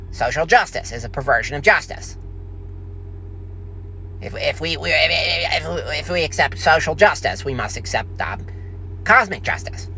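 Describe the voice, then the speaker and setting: A man's voice: a little high, bright, forceful tone, slight background noise. A man arguing heatedly, stumbling and repeating his words as he talks. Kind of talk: heated argument.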